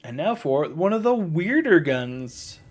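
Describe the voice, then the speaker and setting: A man's voice: on the high side, big pitch swings, a little slow. Rambling American man streaming a game. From United States. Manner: rambling, self-correcting, chatting with viewers. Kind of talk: casual gameplay commentary while streaming.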